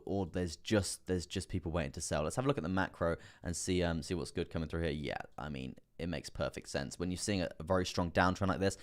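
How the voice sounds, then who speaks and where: A young man hosting a live stream, chatting casually through chart analysis, full of fillers and repeated phrases and talking to viewers directly. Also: low-pitched. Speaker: crypto live stream host.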